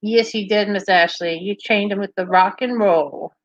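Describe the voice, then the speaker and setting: With a mid-range voice and moderate pace, a woman hosts a livestream, chatting casually and cheerfully with viewers, laughing often and reacting bubbly to live comments. The recording is dry and the audio dull.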